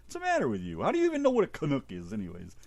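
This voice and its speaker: Lively, joking American radio host. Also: male voice, medium pitch, racing, dry recording. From United States. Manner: loud, joking, folksy and animated. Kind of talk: casual radio banter.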